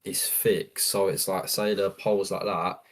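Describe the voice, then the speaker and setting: A man with a fairly low voice explains his cleaning equipment, often restarting his sentences. He talks in an easygoing, casual way as a guest. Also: flat delivery, a little slow. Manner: explains with many restarts, says "yeah" a lot. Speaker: guest, property cleaning business owner. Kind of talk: casual chat.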